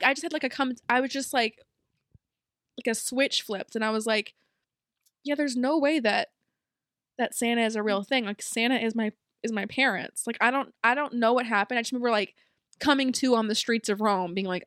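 A young woman co-hosting a podcast in casual chat, telling a rambling story that she breaks up with quick bursts of speech. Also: fairly high pitch, fairly bright tone, no echo, clean studio sound. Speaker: podcast co-host.

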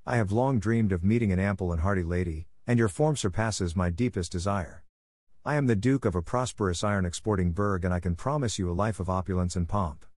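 A man's voice: low voice, a little fast, a little mellow, dry recording, clean studio sound. A man voicing a brawny fairy-tale duke who speaks in a grand, courtly way.

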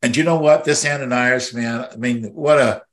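A man's voice: medium pitch, normal speed, a bit bright. An older man hosting a devotional podcast, speaking with emotion in a rambling, heartfelt way that swells when moved. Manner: impassioned, rambling, voice swells with feeling. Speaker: podcast host and minister.

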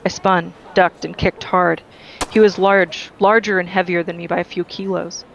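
A reader giving a steady, earnest first-person reading of a novel. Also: mid-range voice, moderate pace, vocal fry, lo-fi sound, a little hiss or hum. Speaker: audiobook reader.

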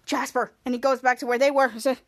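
A young woman who talks fast in a level tone hosts a podcast, giving a casual recap of a TV episode. She acts out what the characters said with sudden shrill, loud bursts.

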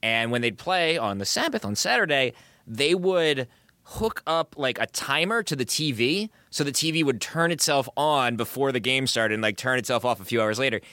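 A man's voice: mid-range voice, animated, normal speed, pushed and bright, dry recording. A man hosting a podcast, chatty and curious, asking follow-up questions and trading stories. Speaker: podcast host. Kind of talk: casual podcast chat.

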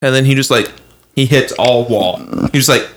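A man's voice: medium pitch, normal speed, fairly bright tone, slight background noise. A man co-hosting a podcast, firing off crude one-liners and laughing often. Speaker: podcast co-host. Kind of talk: crude comedic banter.

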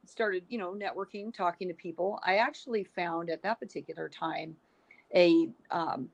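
A woman's voice: lowish voice, normal speed, vocal fry. A middle-aged woman hosting a podcast interview, talking in an encouraging, thinking-aloud way with many restarts. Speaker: podcast host. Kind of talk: casual interview chat.

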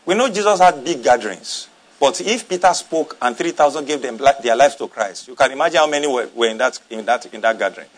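A man's voice: mid-range voice, animated, fast talker. A man preaching a sermon as pastor, emphatic, repeating lines and calling on the congregation to respond.

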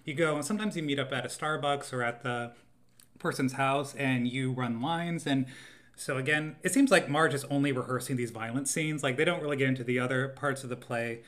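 A man's voice: mid-range voice, fairly quick, a bit bright. A man co-hosting a podcast in casual chat, talking through scenes and laughing often. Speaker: podcast co-host.

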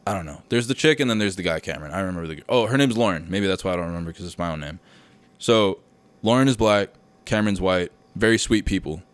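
Low-voiced young man rambling casually. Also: lively intonation, fast, dry recording. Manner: rambling, sidetracked, swears freely, says "dude". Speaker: podcast host. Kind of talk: casual solo podcast chat. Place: home room with recording setup.

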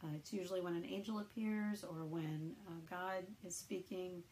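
Woman, low gravelly voice, hesitant, casual scripture musing, faint hiss behind. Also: flat delivery, normal speed, darkish tone, rough recording. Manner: hesitant, many fillers, thinking aloud. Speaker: Bible reader. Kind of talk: casual Bible reading and reflection.

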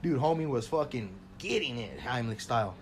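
This podcast co-host speaks at a normal speed in a medium pitch, telling a story with loud enthusiasm. The chat is casual and profane, he keeps calling everybody "bro," and faint background noise can be heard.

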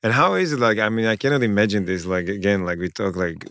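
A man hosting an interview, asking questions haltingly and searching for words. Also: lowish voice, a bit bright, dry recording, clean studio sound. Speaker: host, interviewer.

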